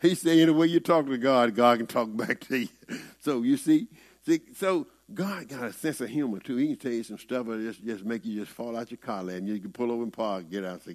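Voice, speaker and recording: A man's voice: medium pitch, brisk, darkish tone. A man with a Southern US accent, preaching a conversational sermon in a folksy, rising-and-falling way.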